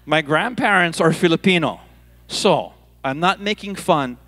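A man from Hawaii preaching a sermon on a church stage, telling the story in a playful, animated way and repeating words as he goes. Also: on the high side, a little slow. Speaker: pastor.

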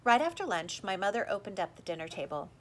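A woman narrates a children's book aloud with a lively, expressive read. Her pitch moves a lot from line to line. A faint low rumble sits under the recording. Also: fast. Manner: lively, expressive reading, voicing the characters. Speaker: audiobook reader. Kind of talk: storybook narration with character voices.

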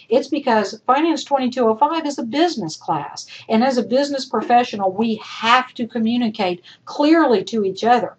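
Woman instructor, slightly high and husky, blunt teacherly feedback. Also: moderate pace, hardly any pauses, rough recording. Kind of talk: recorded class feedback. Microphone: recorded lecture voice-over.

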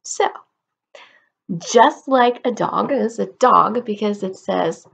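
Children's teacher, woman, unhurried, faint gravel in the voice, playful with little kids. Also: mid-range voice, a bit bright, lo-fi sound. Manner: playful, asks questions and imitates animal sounds. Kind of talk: slow, simple storytelling for toddlers.

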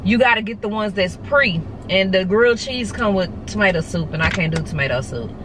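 A middle-aged woman vlogging in a chatty, animated way and talking straight to her viewers. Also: medium pitch, a little fast, background noise. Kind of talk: casual chatty vlog.

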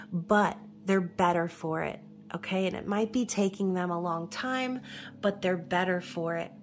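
A woman from New York talks through a tarot reading in a relaxed, chatty way, pausing often to check in with her listeners. Her voice sits on the lower side, with a faint hum of room noise behind it. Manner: chatty, reassuring, frequent "okay?" check-ins. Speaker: tarot reader.

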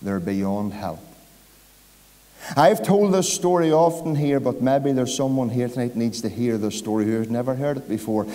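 A man's voice: mid-range voice, fairly quick, hardly any pauses, warm tone. A man with a Northern Irish accent preaching an evangelistic sermon, telling a story and rising to emphatic peaks. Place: large church hall. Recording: church hall reverb.

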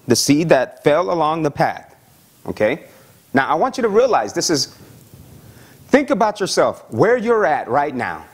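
A male pastor preaching a sermon in a conversational, animated way, often checking in with "okay?" and acting out the voices of the people he describes. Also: fairly high pitch, breathy edge. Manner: acts out voices of excited young believers.

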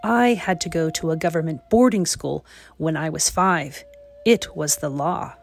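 A woman reading the part of a kind, wise elderly grandfather in a storybook, speaking gently and steadily as he tells of his past. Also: deep voice, a little slow, gravelly, soft background music. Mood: reminiscing.

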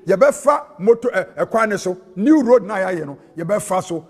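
In a large church hall thick with long reverb, a high-pitched Ghanaian-accented man, a prophet and preacher, delivers his sermon expressively, fairly quickly and with hardly any pauses, shifting into a sing-song cadence and local-language phrases.

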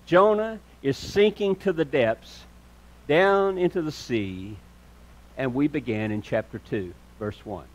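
Fervent high-voiced preacher. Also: male voice, takes it slowly, muffled recording. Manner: earnest preaching, swings between loud and hushed; addresses listeners as "dear friend". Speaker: pastor. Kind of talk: sermon.

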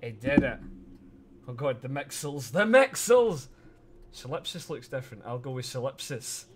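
A man chatting casually on a live stream, excitable and swearing freely, laughing often as he talks to his chat. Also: medium pitch, normal speed, noisy background.

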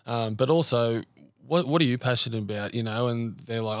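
An Australian man speaks in an earnest, meandering way. He tells stories full of "um"s and restarts, at a middling pitch. The sound is dry and close, with no room echo. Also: brisk, fairly bright tone. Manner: earnest, rambling storyteller with frequent fillers. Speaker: podcast guest, men's mental health support worker. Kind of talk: casual conversational interview.

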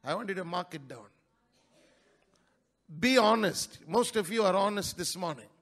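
A male pastor preaching a sermon in a church, breaking into sudden loud rises and dropping into quick, quieter asides. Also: sits high, expressive. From India.

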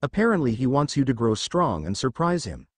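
A man's voice: medium pitch, big pitch swings, brisk, dry recording, clean studio sound. A man voicing an ancient male fire dragon who talks like a matter-of-fact mentor. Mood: gruff.

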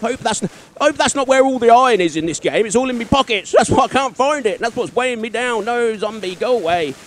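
A gaming video creator with a strikingly high voice narrates his own let's-play into a desk microphone, speaking fairly quickly with lively intonation. He pokes fun at himself, chuckles often and bursts out in exasperation.

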